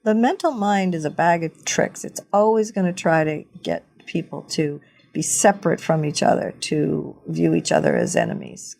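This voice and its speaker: A woman's voice: sits low, gravelly, darkish tone. A woman who is a farmer and intuitive guide, speaking in an earnest, storytelling way as the guest in a casual interview. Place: farm.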